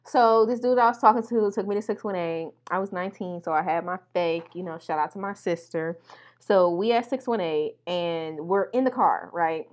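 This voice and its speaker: A young adult woman from Milwaukee telling a profane, animated story straight to her listeners. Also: on the low side, normal speed. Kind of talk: casual storytelling to camera.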